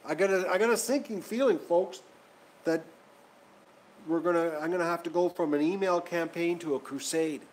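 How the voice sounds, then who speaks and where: A man's voice: on the high side, normal speed, a little hiss or hum. A man hosting his channel, talking casually to viewers, rambling and repeating himself as he gets worked up. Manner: rambling and repetitive, getting worked up. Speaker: channel host. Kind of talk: casual vlog chat to viewers.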